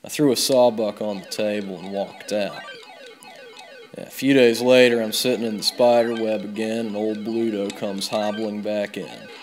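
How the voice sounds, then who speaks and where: Deadpan low-voiced man spinning a yarn. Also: normal speed, soft background music. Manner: deadpan drawl, swears freely, loud bursts on quoted yells. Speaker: let's play host. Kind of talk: comic rambling tall tale over gameplay.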